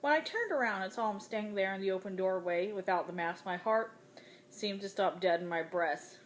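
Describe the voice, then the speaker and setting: A woman reading a novel aloud in the first person with dramatic, expressive delivery. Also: medium pitch, a little fast, a little hiss or hum. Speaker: audiobook reader.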